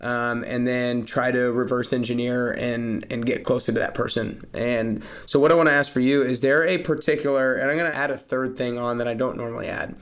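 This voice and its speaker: A male podcast-style host with a mid-pitched voice, eager and quick to react. He asks his questions in a loose, halting way, restarting phrases as he goes. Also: steady tone. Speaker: interview host. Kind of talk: conversational interview.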